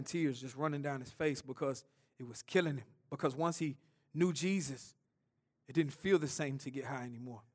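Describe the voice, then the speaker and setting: A high-pitched man delivers a church sermon. He swings between loud, urgent passages and hushed, intense ones, often stumbling over and repeating words as he presses his point. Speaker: preacher.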